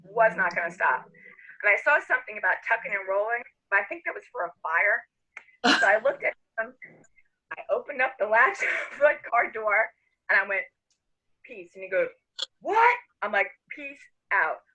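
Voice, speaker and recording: A middle-aged woman telling a story casually among friends, animated, laughing and acting out the quotes. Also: medium pitch, a little fast, poor audio.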